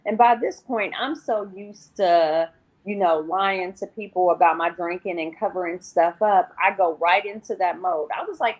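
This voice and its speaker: A woman's voice: on the low side, normal speed. A woman guest on an interview show, telling her personal recovery story in a candid, rambling way and often quoting herself.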